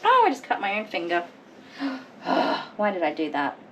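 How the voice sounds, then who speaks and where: A woman dog groomer chatting casually as she works, laughing often and scolding the dog in sharp bursts. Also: mid-range voice, huge pitch swings, normal speed, poor audio. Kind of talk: casual grooming vlog chat. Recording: loud electric clipper noise behind. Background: electric clippers buzzing.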